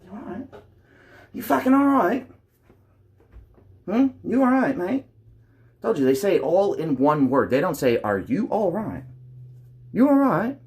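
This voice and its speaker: A man's voice: a little high, expressive, brisk, few pauses, warm tone. A man putting on a cheeky, slangy British-bloke voice, swearing and mocking.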